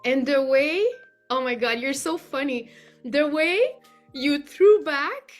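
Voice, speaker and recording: A woman's voice: high voice, animated, takes it slowly, soft background music. A woman giving an earnest, effusive testimonial as a client, often using "like" as a filler. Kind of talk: heartfelt spoken testimonial.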